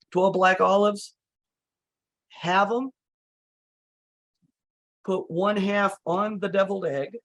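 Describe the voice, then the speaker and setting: Woman host, a bit hoarse, casual recipe chat with lots of fillers. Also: fairly low pitch. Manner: relaxed, chatty, many "you know" fillers. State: slightly hoarse, losing her voice.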